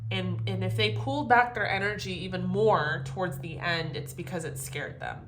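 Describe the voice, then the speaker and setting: A woman giving a casual tarot reading to camera, animated and profane, laughing often. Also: fairly low pitch, moderate pace, roomy sound, slight background noise. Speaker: tarot reader.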